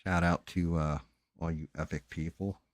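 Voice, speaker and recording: A man's voice: deep voice, fairly even intonation, moderate pace, no echo. A man hosting a casual late-night livestream, tired and rambling, with loose, profane talk. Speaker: livestream host.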